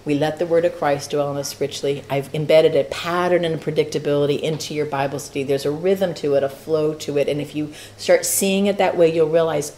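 A woman teaching a church Bible study class, talking in a lively, playful way with frequent laughs and asides. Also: sits low, brisk, few pauses, slight background noise.

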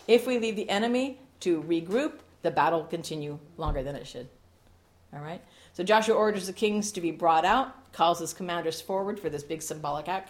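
A middle-aged woman preaching a sermon, animated and jokey, with laughing asides. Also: on the low side, brisk.

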